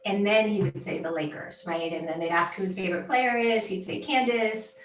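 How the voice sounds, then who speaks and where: A middle-aged woman, a sports executive speaking as a guest in a conversational interview, talking in an animated, emphatic way and often tagging her points with "right?". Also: mid-range voice, moderate pace, roomy sound, recorded from a distance, a little hiss or hum, low-quality recording.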